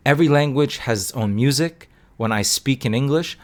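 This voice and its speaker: A man's voice: mid-range voice, expressive, a little fast. A young man who teaches language, talking casually and acting out sounds with playful exaggeration.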